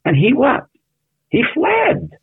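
Bible teacher, man, raspy and gravelly, slow and questioning, lo-fi phone-line sound. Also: extremely high pitch, no echo. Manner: animated, asks the listeners questions. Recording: tinny phone-like radio audio.

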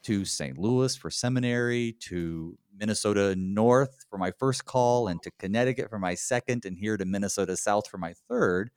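A man from North Carolina with a Southern US accent, hosting a conversational Bible study in a chatty, relaxed way. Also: fairly low pitch, moderate pace, hardly any pauses, clean tone, no room sound, studio quality.

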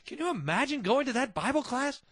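A man teaching a Bible passage in a conversational, animated way, with delighted chuckling asides. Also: very high voice, brisk, dry recording.

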